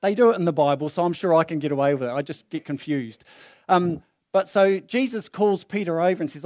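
A male preacher speaks fairly quickly in a voice on the high side, dramatizing his sermon's story with character voices. He uses a handheld or stand mic in a church hall, yet the audio has studio quality.

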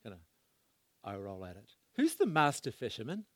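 A man preaching a sermon, swinging between loud bursts and hushed asides as he asks the congregation questions. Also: mid-range voice, huge pitch swings, normal speed, no echo.

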